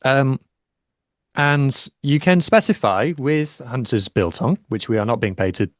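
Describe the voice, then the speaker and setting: A man co-hosting a podcast in casual chat, rambling with fillers and rising in pitch when surprised. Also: expressive, unhurried, no room sound, studio quality. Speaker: podcast co-host.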